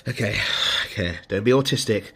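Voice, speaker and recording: A man with a bright, forceful voice vents in an exasperated live-stream rant, swearing freely as he talks to his chat. He speaks into a mobile phone held close, alone in his room. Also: fairly low pitch, brisk, breathy edge. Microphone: mobile phone held to face.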